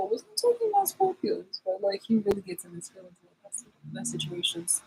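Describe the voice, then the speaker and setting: A woman's voice: mid-range voice, sing-song, fairly quick, vocal fry, darkish tone, slightly rough, poor audio. A woman vlogger in a rambling, sarcastic rant, swearing and restarting her sentences as she calls people out. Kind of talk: confrontational vlog rant.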